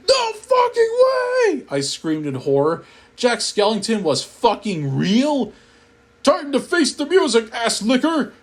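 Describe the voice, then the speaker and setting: A man narrating a comedic horror story in a profane, deadpan storytelling manner. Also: fairly high pitch, husky.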